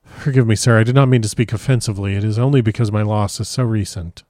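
A man voicing a grieving young nobleman, husky and choked with grief, in an audiobook reading. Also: on the low side, steady tone, quick pace, darkish tone, no echo, studio quality, close to an everyday voice. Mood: earnest.

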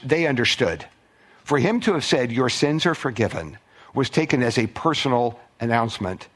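A man preaching a sermon as pastor, conversational, with restarts and acted-out quotes. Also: medium pitch. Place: church.

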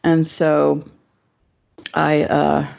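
A woman's voice: deep voice, completely flat delivery, extremely slow, vocal fry, darkish tone. A woman telling a personal story in casual chat, rambling and swearing, with many fillers. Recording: dull lo-fi recording.

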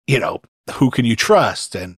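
A man's voice: mid-range voice, very animated, measured pace, slightly rough, no echo, clean studio sound. A man talking casually and enthusiastically about a film, filling his sentences with "like" and "you know". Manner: enthusiastic, heavy use of "like".

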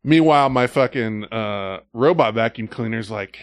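A man's voice: medium pitch, normal speed, few pauses, smooth, dry recording. A man hosting a podcast, telling stories in a casual, profane way and acting out other people's lines. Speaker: podcast host. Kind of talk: casual storytelling chat.

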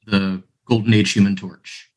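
A man's voice: on the low side, level tone, measured pace, darkish tone. A man playing in a tabletop game over a video call, easygoing with a few restarts. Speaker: co-host and player. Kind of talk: casual chat.

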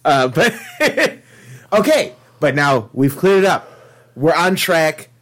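A man's voice: a little high, big pitch swings, slow pace, fairly bright tone. A man co-hosting a podcast in casual chat, laid-back and adding dry remarks. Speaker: podcast co-host.

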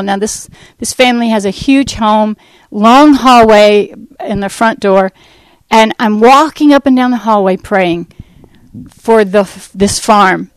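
A Christian ministry speaker, a woman with a slightly high voice, shares her personal faith testimony with a church audience. She tells it as a lively, animated story, acting out quoted dialogue and rambling with fillers and restarts. The sound is close and dry with no echo, though the recording is rough.

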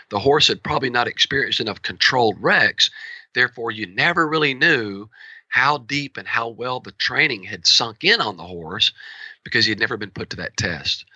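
A man working as a horse trainer, explaining his training methods in an animated, storytelling way and acting out quoted dialogue. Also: mid-range voice, husky, dry recording, lo-fi sound.

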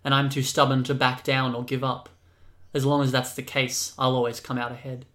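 A man reading aloud and voicing a stubborn, calculating young man who speaks with quiet menace in a storybook reading. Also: mid-range voice, flat delivery, fairly quick, close to an everyday voice. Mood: calm. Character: stubborn, cold, calculating young male leader.

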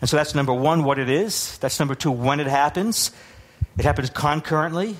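A man's voice: on the high side, a little fast. A man preaching a sermon as pastor, teaching with many restarts and repeated words. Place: congregation hall with overhead projector.

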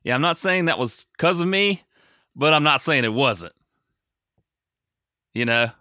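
A man's voice: on the high side, lively intonation, a little slow, sharp tone, dry recording, studio quality. An American man co-hosting a podcast, chatting casually in a rambling, self-mocking way with lots of fillers. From United States. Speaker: podcast co-host. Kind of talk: casual chat.

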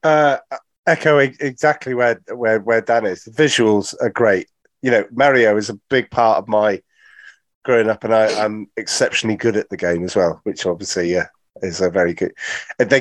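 A man co-hosting a casual panel chat, animated and opinionated, often stumbling over repeated words. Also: lowish voice, no echo. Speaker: podcast co-host.

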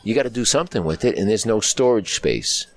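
A man's voice: lowish voice, lively intonation, brisk. A man explaining things plainly in casual conversation, repeating his points as he goes.

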